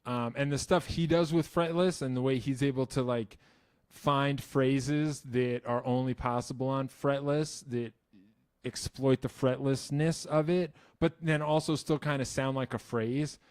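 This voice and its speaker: The clean studio sound and dry recording carry a medium-pitched, clean-toned male voice at a measured pace. He's a young musician from New Jersey hosting a YouTube Q&A, chatting casually and animatedly with heavy swearing, many restarts and self-mocking remarks.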